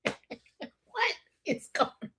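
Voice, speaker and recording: A woman's voice: drawn-out words, bright, forceful tone. A woman hosting casual commentary on scripture, laughing often and sounding incredulous. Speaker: host.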